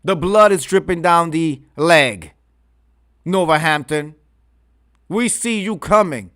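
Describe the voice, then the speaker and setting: A man's voice: fairly high pitch, animated, takes it slowly, fairly bright tone. A man hosting a reaction commentary, mocking and crude in his remarks. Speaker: commentary host.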